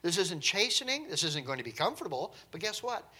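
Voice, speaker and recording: A man's voice: sits high, very animated, a little fast, bright, forceful tone, a little hiss or hum. A man preaching a sermon in a conversational, emphatic way, with light chuckles now and then.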